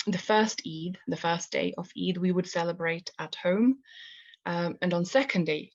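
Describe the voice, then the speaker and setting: A Kashmiri woman tells a story live, calm and measured at first but hesitant and full of fillers when she speaks freely. Her voice is on the low side, and the sound is lo-fi.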